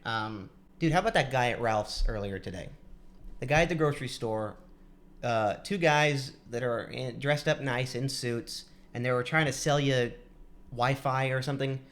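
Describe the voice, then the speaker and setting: A man's voice: mid-range voice, normal speed, a bit bright. A man co-hosting a comedy podcast, telling stories in casual chat, swearing often and mimicking strangers he meets. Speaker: podcast co-host.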